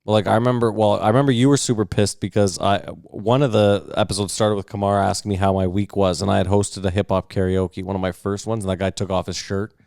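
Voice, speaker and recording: A man co-hosting a podcast, telling a long, profane, animated anecdote in casual chat. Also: fairly low pitch, quick pace, vocal fry, few pauses, clean tone, no echo, clean studio sound. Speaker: podcast co-host. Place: podcast recording setup.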